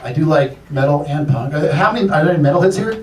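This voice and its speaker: On a comedy club stage with an audience, a man does a loose, profane stand-up set, laughing through his lines and working the crowd. His voice is fairly high and darkish, lively and fast. The roomy club recording is captured from far off with crowd sound.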